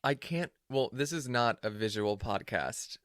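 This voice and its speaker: A man's voice: mid-range voice, lively intonation, a little slow, fairly bright tone, no echo, studio quality. Playful, teasing man podcast host. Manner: playful, self-mocking, teasing. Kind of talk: casual chat.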